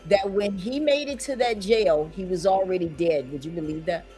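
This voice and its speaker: A woman's voice: on the low side, moderate pace, dark tone, faint music behind. A woman hosting a talk show, probing her guest with pointed follow-up questions. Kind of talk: interviewing a guest.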